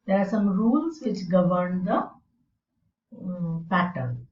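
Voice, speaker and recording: A woman teaching English in a slow, deliberate lecture, explaining with fillers. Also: on the low side, expressive, a little mellow. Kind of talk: recorded lecture. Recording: roomy and distant, dull sound.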